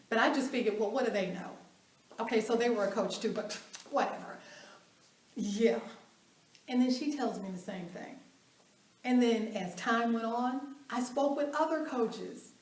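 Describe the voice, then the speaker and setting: A woman telling stories from the stage, lively and expressive, slipping into other people's voices as she quotes them. Her voice sits a bit high. The sound is roomy, with the mic set back from her. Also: moderate pace. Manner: animated, acts out quoted voices, laughs. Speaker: motivational speaker. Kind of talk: storytelling keynote talk. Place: event hall. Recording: roomy hall, mic at a distance.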